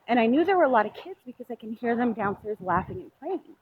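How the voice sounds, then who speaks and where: A woman vlogger recounting a dream as she walks outside, telling it in a rambling, animated way with lots of "like". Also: on the high side, fast talker, slight background noise. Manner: rambling, animated storytelling full of "like". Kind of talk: walk-and-talk dream retelling. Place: outdoors on a street while walking. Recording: dull lo-fi recording.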